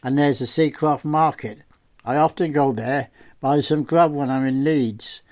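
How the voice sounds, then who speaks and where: A man's voice: medium pitch, unhurried, a little mellow, natural voice. An easygoing older local man, read by a male narrator, talks in a loose, colloquial, rambling way. His lines stay close to the reader's everyday voice, slightly lifted and reassuring. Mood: chatty.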